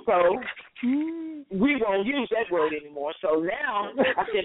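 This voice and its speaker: A woman in her fifties calling into a talk show, telling a family story with lively acted-out dialogue. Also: mid-range voice, unhurried, crowd noise. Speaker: caller. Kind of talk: call-in storytelling. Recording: tinny phone line.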